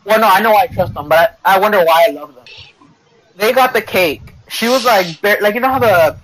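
A man's voice: high voice, a little fast, poor audio. A man telling a family story in a casual voice chat, swearing freely and laughing as he goes. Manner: animated storytelling, swears a lot, laughs often.

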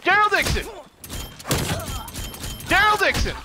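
A man streaming a shooter game, swearing, laughing and shouting taunts at other players over a headset. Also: very high voice, big pitch swings, unhurried. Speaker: gaming streamer. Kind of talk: excited gameplay trash talk. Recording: noisy game audio in background.

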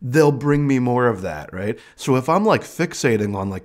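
A man's voice: medium pitch, normal speed, few pauses. Guy hosting a podcast, chatty and candid, bouncy voice that swoops all over. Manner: candid, animated, acts out quoted voices. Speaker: podcast host and medium. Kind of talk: casual storytelling chat.

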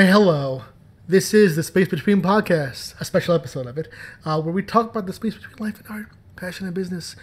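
Give me a playful man hosting a casual podcast commentary. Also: high voice. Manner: playful, joking, chatty. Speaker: podcast host and comics writer.

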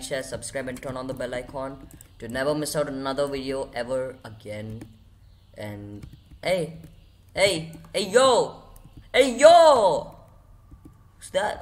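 An excitable male gamer talking over his game, his voice leaping into high yelps when things go wrong. He repeats himself in quick bursts in a casual commentary. Game music plays clearly underneath. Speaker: gaming channel host. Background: game music playing under the voice.

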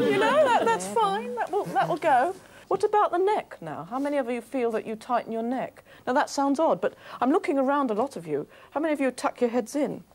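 Woman voice coach talking a studio crowd thru exercises, bit high, swoops around a lot. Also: darkish tone. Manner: encouraging, coaxing the audience into exercises. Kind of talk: leading a voice workshop. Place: TV studio stage with an audience.

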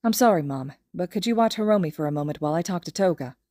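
A woman reading the lines of a weary, protective young man in a fan audiobook, in a low, troubled tone. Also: lively intonation, fast, darkish tone, dry recording, studio quality, close to an everyday voice. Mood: calm. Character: young adult male hero, weary and protective.

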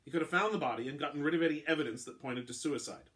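A man's voice: on the high side, rapid-fire, fairly bright tone, voice pushed up, lightly acted. A man voicing a formal, carefully polite male guard lieutenant in a fantasy crime story. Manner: formal, precise.

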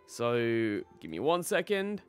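A man's voice: mid-range voice, very animated, takes it slowly, soft background music. A young man live-streaming a game, casually greeting his chat by name and laughing often.

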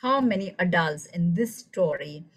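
A woman's voice: lowish voice, measured pace, husky, poor audio. A woman leading an online teacher workshop, telling a story and asking the audience questions over a video call. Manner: engaging, animated, asks the audience questions. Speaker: teacher trainer.

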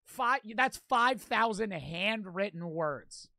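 A young man streaming a reaction, ranting loudly and profanely while mocking what he watches. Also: high voice, expressive, slow pace, no room sound. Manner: loud, profane, mocking rants. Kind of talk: crude live-stream reaction commentary.

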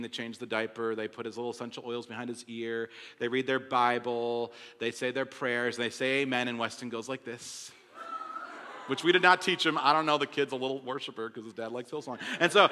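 A young man preaching a sermon to his congregation, talking casually and conversationally, swinging from loud emphasis to hushed storytelling. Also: mid-range voice. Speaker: pastor. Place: large church hall. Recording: long hall reverb.

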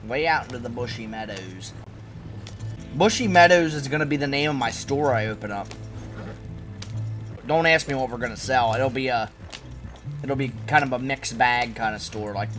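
A man's voice: mid-range voice, normal speed, over music. A man rambling and joking in casual commentary while playing a video game. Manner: rambling, joking, deadpan riffs. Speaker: gaming streamer.

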